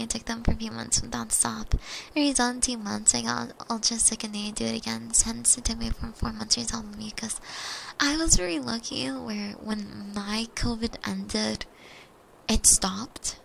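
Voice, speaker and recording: Gravelly young woman chatting on stream. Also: fairly high pitch, fairly even intonation, normal speed, slight background noise. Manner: rambling, casual, swears freely, trails into soft whispers. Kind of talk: chatty ASMR stream storytelling.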